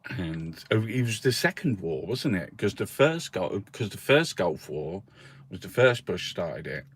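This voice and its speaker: A man's voice: deep voice, big pitch swings, a little slow, slightly rough. A man hosting a casual newspaper review, rambling and swearing freely, with frequent laughs. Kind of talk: casual chat.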